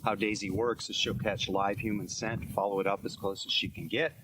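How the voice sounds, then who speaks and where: An actor playing a calm, practical search dog handler explaining his work. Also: lowish voice, brisk, background noise, lightly acted. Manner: easygoing, explanatory. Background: music.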